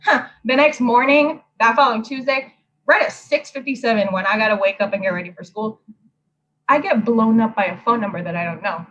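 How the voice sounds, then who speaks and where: A young woman tells a story in a loud, profane, animated way. Her voice sits high and rings bright and sharp. The recording is a little muffled. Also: a little fast. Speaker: host. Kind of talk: casual chat.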